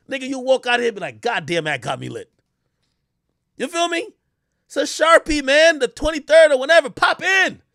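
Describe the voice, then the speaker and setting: A man rants on a livestream, boastful and teasing. His voice sits very high and swings up and down a great deal, and the sound is dry, as if close to the mic. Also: very animated, moderate pace, gravelly, pushed and bright, dry recording. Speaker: streamer. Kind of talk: casual livestream rant.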